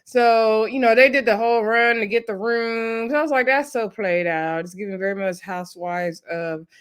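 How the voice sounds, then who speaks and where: A woman's voice: a little high, smooth. A woman, recapping a reality dating show in a casual, chatty way, laughing often and acting out what people said. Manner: chatty, laughs often, acts out quotes in quick asides.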